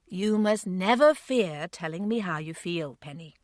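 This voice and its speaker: A woman voicing a kind, patient grown man in an audiobook, speaking gently and reassuringly. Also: lowish voice, expressive, measured pace, no room sound, clean studio sound. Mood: gentle. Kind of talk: audiobook character voice.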